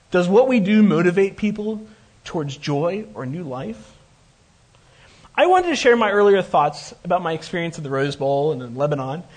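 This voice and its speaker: A man's voice: high-pitched, breathy edge. A man preaching a conversational sermon, retelling a scripture story with joking asides.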